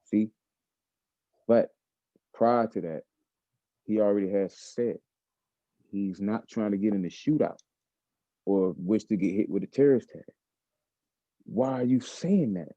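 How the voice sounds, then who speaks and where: American man, lowish voice, emphatic storyteller, repeats himself, dull dry lo-fi recording. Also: measured pace, pauses often, warm tone, dry recording. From United States. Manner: emphatic, repeats phrases, acts out quoted dialogue. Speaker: guest. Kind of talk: animated first-person storytelling.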